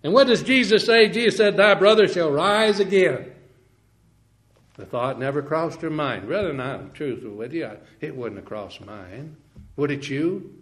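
A male preacher with a slightly high voice delivers a sermon in a folksy way. He drops to soft, low asides, then rises into loud, drawn-out quotations. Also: animated. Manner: swings from quiet asides to loud, slow, ringing scripture quotes; folksy, with small laughs and restarts.

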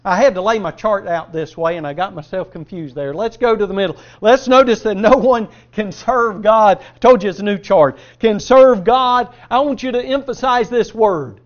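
A man preaching a sermon, firing rhetorical questions at the congregation and answering them himself, swinging between loud emphasis and quiet asides. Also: sits high, normal speed, hardly any pauses. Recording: dull lo-fi sermon recording.

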